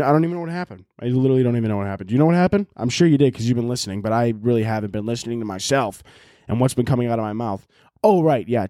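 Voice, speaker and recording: A young man hosting a solo podcast at home, talking in a loud, profane, animated rant and shouting at times, recorded on laptop audio. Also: medium pitch, no echo, clean studio sound. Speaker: podcast host.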